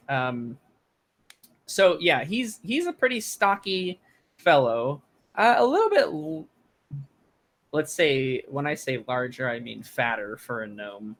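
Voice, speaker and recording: A man narrating as dungeon master in a relaxed, rambling way with many fillers. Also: mid-range voice. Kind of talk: narrating a tabletop game.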